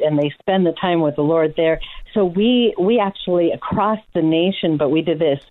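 A middle-aged woman from Oregon, a ministry leader, telling her story earnestly as a guest in an interview. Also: sits low. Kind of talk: interview testimony. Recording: tinny phone line.

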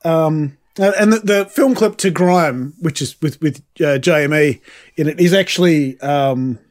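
A man's voice: on the high side, a little slow. A man, co-hosting a podcast and reviewing an album in casual, rambling, sweary chat. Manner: rambling, sweary, frequent restarts. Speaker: podcast co-host.

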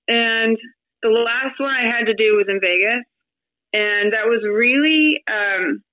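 A woman in her thirties, a podcast guest, telling her story in a chatty, animated way with lots of fillers and quoted asides. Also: a little high, dry recording, muffled recording. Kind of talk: casual storytelling interview.

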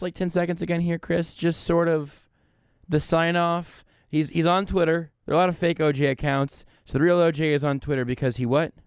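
A man hosting a talk radio show, riffing wryly with a deadpan edge and frequent restarts. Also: a little high, clear, resonant tone, dry recording, clean studio sound. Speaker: radio host. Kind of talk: casual talk-radio banter. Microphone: studio microphone.

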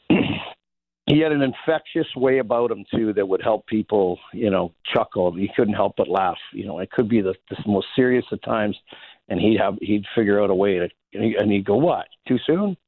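A man's voice: on the low side, steady tone, normal speed, no room sound. A man from Saskatchewan, telling a rambling story as an interview guest with many restarts and chuckles. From Saskatchewan, Canada. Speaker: interview guest, former hockey player. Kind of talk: casual anecdotal storytelling. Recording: phone-like narrow band, dry.

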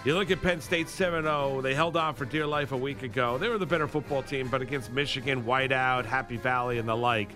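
A man's voice: medium pitch, fairly even intonation, a little fast, few pauses, over music. Wry sports radio co-host, man. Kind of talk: casual sports radio chat.

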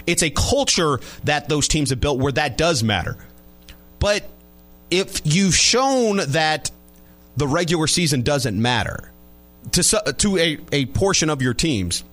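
A man's voice: mid-range voice, fairly bright tone. Rambling male sports radio host. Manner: rambling, repeats and restarts phrases. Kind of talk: casual sports talk radio.

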